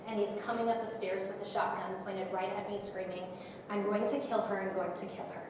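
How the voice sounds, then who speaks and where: A middle-aged woman with a high voice tells her story as an emotional personal testimony, acting out the dialogue vividly. She is heard from some distance away in a large hall, and her voice rings with long reverb and faint noise behind it. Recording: echoey hall, speaker far from mic.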